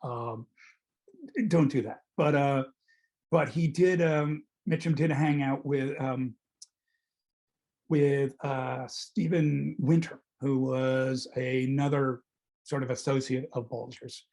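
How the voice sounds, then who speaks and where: A man's voice: mid-range voice, little pitch movement, slow, darkish tone, low-quality recording. A middle-aged man, a film critic, talking casually and discursively about a film and often correcting himself. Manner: discursive, hesitant, self-correcting. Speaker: film critic leading a film club talk.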